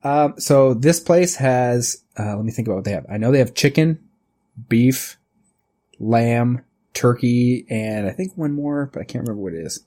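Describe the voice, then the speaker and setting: A man's voice: medium pitch, normal speed, mellow. A man in his thirties co-hosting a podcast in casual chat, rambling and swearing freely, often laughing. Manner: rambling, profane, laughs easily. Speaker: podcast co-host.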